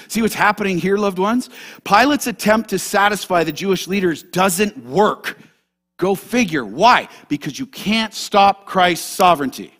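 A man pastor preaching a sermon to a congregation, animated and direct, moving between loud emphasis and hushed asides. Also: high-pitched, unhurried. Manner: animated, talks straight to the congregation.

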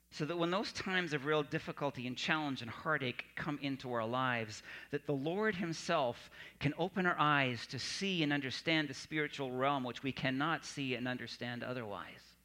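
A man delivering a sermon with a bright, forward tone. He speaks earnestly at a middle pitch and often drops to a softer voice to press a point home. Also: moderate pace. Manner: earnest preaching, dropping soft for emphasis. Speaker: pastor.

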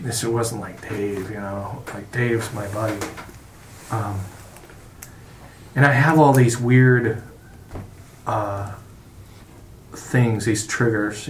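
A middle-aged man, a podcast guest, talking casually in a halting, profane way with many restarts. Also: on the low side, a little hiss or hum. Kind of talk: casual conversation. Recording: roomy echo.

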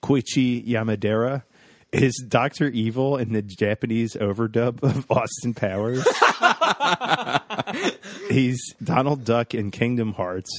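A man's voice: medium pitch, big pitch swings, slow, a bit bright, no echo, clean studio sound. A man co-hosting a casual podcast, trading wry jokes and asides. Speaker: podcast co-host.

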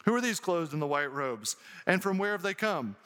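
A man's voice: sits high, very animated, normal speed, a bit bright. A man preaching an earnest sermon as a pastor, reading scripture and explaining it to his congregation. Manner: earnest, preaching with rising emphasis. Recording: long hall reverb.

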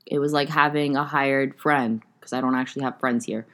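A woman's voice: extremely low pitch, fairly even intonation, fairly quick. A young woman hosting a casual solo podcast, rambling and chatty with lots of fillers and some swearing. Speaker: podcast host.

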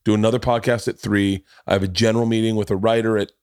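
A man's voice: on the low side, level tone, fast talker, darkish tone, smooth, no echo, clean studio sound. A man hosting a podcast in casual chat, telling self-deprecating stories with frequent restarts and swearing. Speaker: podcast host.

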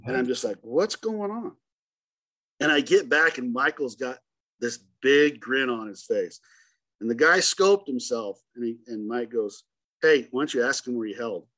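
A middle-aged man, a hunting guide, telling a story in a casual interview and acting out the dialogue with lively turns of voice. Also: mid-range voice, moderate pace. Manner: animated, acts out dialogue in the story.

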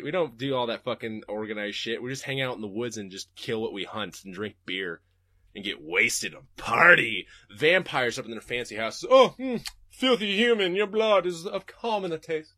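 A man's voice: fairly low pitch, animated, normal speed, bright, forceful tone, dry recording, clean studio sound. A man hosting a podcast and reading live chat, talking casually and profanely and laughing often.

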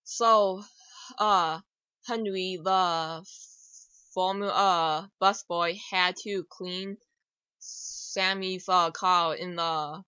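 Woman talking super slow, halting, bright smooth voice, dry dull sound. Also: fairly low pitch, fairly even intonation, no room sound. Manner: halting, many fillers and restarts. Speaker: podcast co-host. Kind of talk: casual chat.

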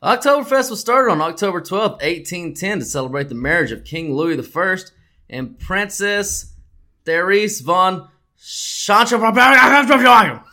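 A man's voice: sits high, animated, a little slow, sharp tone. A man co-hosting a comedic sports podcast, talking in a jokey, theatrical and profane way. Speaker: podcast co-host. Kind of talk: comedic casual chat.

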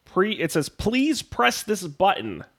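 Lively man with a cold. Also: high voice, takes it slowly, breathy edge. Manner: animated, reads game text with playful emphasis. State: has a cold. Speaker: podcast host. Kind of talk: casual chat, reading a text game aloud.

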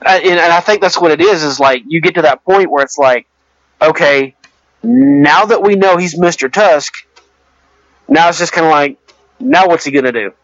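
A man's voice: a little high, moderate pace, a bit bright, no room sound. A man casually talking about a movie, rambling and hesitant, with many restarts and fillers. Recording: dull lo-fi dry recording.

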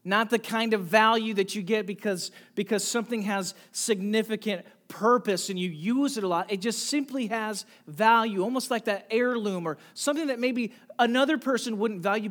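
A pastor preaching a sermon, asking the congregation direct questions and swinging from soft near-whispers to loud emphatic calls. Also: mid-range voice, normal speed, hardly any pauses.

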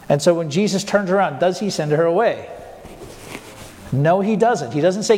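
Pastor guy preaching, kinda high voice, asks the room questions, long church echo. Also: darkish tone. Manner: asks the congregation rhetorical questions, slows down for emphasis. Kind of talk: sermon.

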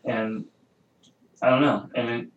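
A man's voice: mid-range voice, fairly even intonation, unhurried, muffled recording, a little hiss or hum. A man who serves as a military chief, talking hesitantly with many fillers in a casual podcast conversation. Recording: roomy, faint ambience.

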